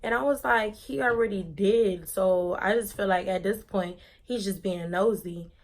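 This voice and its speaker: A woman's voice: mid-range voice, moderate pace. A young woman vlogger telling a personal story in a casual, dramatic, slangy way.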